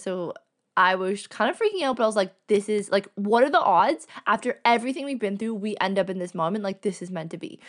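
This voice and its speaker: A young woman hosting a podcast, telling a long personal story in a chatty way, peppering her speech with "like" and acting out what people said. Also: mid-range voice. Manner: chatty, fills speech with "like", acts out quoted dialogue. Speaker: podcast host. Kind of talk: casual storytelling monologue.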